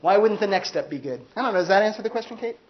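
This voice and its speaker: In a university classroom, a male philosophy lecturer gives a casual, conversational class talk, peppering it with "like" and acting out quoted voices. His high-sitting voice is animated and very fast, and the recording sounds muffled.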